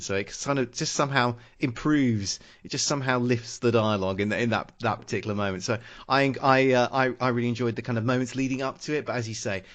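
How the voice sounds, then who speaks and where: Halting man hosting a film podcast. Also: medium pitch. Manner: halting, full of "uh" and restarts when speaking off the cuff. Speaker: podcast host. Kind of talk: casual film-review chat.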